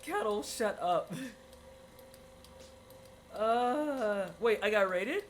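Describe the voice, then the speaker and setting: Baking on a livestream, a woman streamer giggles, teases and exclaims as she chats casually with her viewers. Her high-pitched voice is very animated but slow, with frequent pauses and slight background noise.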